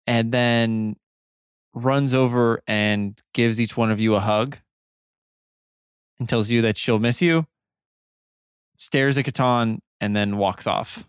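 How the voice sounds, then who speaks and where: A man runs a tabletop role-playing game, narrating slowly and with a few hesitant ums. His voice is smooth and resonant, and the recording is dry and close. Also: medium pitch, dry recording. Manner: slow, relaxed, hesitant with ums. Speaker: game master.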